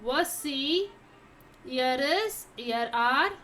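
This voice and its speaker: Slow, high-voiced woman teaching vocabulary. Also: animated, fairly bright tone. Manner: repeats each word several times, asks herself "how to pronounce?". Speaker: French teacher. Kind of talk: slow vocabulary lesson with repetition.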